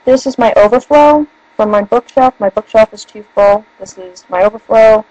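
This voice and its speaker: A young woman with a northern US accent chats casually, rambling and giggling as she goes. Her voice sits a little high. The sound is dry, with no room echo. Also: moderate pace, mellow, lo-fi sound. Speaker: vlogger. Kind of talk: casual chat. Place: room at home by a bookshelf.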